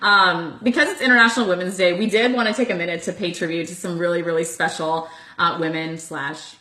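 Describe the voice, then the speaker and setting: A young woman in her twenties hosts a casual chat, storytelling with animated energy and frequent filler words. Her voice is bright and forceful. The room around her rings with echo. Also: lowish voice, a little fast. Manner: animated, laughing storyteller with lots of "like". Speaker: host.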